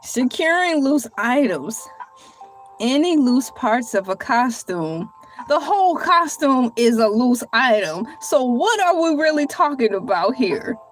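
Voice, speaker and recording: Soft music plays behind a woman with a high-pitched, sing-song voice who vlogs alone at an unhurried pace. She reads aloud and kids around with her viewers, addressing them as "y'all" in a colloquial, theatrical, playful manner. She laughs a lot.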